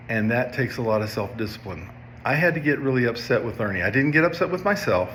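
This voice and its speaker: A man's voice: mid-range voice, expressive, a little fast, fairly bright tone, a little hiss or hum. A man in his fifties, a substance abuse counselor, telling a personal story to viewers in a conversational way, often checking in with "okay?". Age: 50s.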